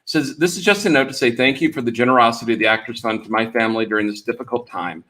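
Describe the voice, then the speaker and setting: A man's voice: mid-range voice, fast, pushed and bright. A man from Dallas co-hosting a live-streamed chat show, rambling enthusiastically through notes and clips. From Dallas, Texas. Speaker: co-host and producer. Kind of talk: casual livestream chat.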